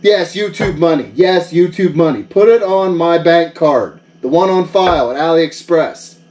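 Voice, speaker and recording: A man's voice: fairly high pitch, moderate pace, darkish tone, far from the mic. A man who runs a vlog, bragging and bossing people around in a jokey one-sided phone call. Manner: boastful, mock-bossy, joking. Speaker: vlogger.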